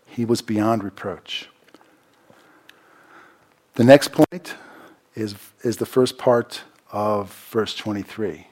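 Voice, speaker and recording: A man's voice: fairly even intonation, slow pace, long pauses. Man preaching with big swings in volume. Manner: dynamic preaching, swinging from loud emphasis to quiet low asides; repeats phrases for emphasis. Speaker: pastor. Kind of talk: sermon.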